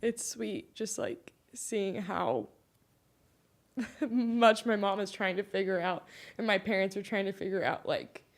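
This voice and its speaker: A young woman shares her thoughts on a casual podcast. Her voice sits in a plain middle range. She sounds soft, sweet and reflective. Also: mid-range voice, unhurried. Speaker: podcast co-host.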